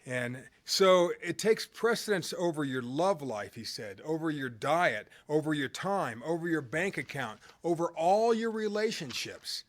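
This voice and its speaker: A middle-aged man with a slightly high-pitched voice tells a motivational story from his own life. He talks casually and rambles a little, leaning on fillers and restarting his sentences. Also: lively intonation, unhurried, hardly any pauses. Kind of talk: motivational anecdote told conversationally.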